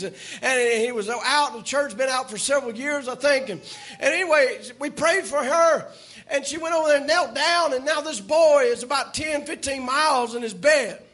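A man preaching a sermon, telling a folksy story and rising to shouts. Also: very high voice. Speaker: pastor.

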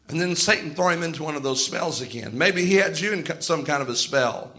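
A man's voice: on the high side, animated, brisk, few pauses, bright, forceful tone, low-quality recording. A man preaching a sermon, retelling scripture and stories in a vivid storytelling manner.

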